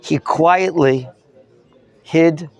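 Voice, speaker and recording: A man's voice: on the high side, extremely slow, a little mellow. A man teaching a Torah lesson as a rabbi, questioning his students and mixing in Hebrew terms. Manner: questions the students and prompts answers.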